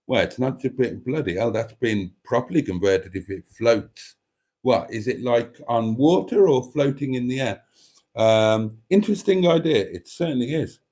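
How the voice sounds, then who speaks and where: Male livestream host reading out chat, amused and chatty, lively pitch, mellow tone. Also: moderate pace. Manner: chatty, amused, laughs often. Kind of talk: casual chat reading viewer comments.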